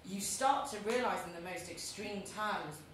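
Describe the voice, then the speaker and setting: A woman from London with a London English accent, moderating a live panel discussion in an animated way and often laughing as she tells stories. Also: medium pitch, normal speed, a little hiss or hum. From London, England. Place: museum event space. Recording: echoey room, far from the mic.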